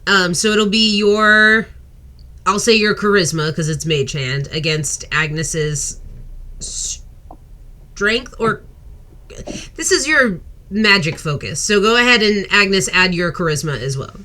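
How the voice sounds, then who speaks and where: Slow, bright-voiced woman game master. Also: mid-range voice, lively intonation. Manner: halting, lots of fillers. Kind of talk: narrating a tabletop game.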